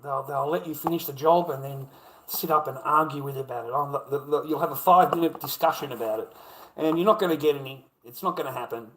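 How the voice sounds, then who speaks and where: A man's voice: a little high, fast talker, a bit bright, echoey room. An Australian man in a crude, profane, rambling livestream rant, swearing constantly.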